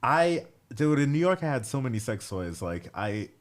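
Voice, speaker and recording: A man's voice: medium pitch, very animated, normal speed. A man co-hosting a dating advice show, asking curious, joking questions in casual chat.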